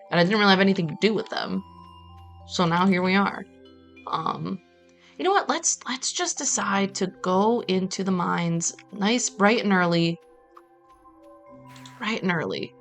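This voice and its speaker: Woman streamer from Brazil, casual and digressive, mild swearing, middle pitch. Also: a bit bright. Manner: chatty, rambling, casual swearing. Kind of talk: casual gaming stream commentary.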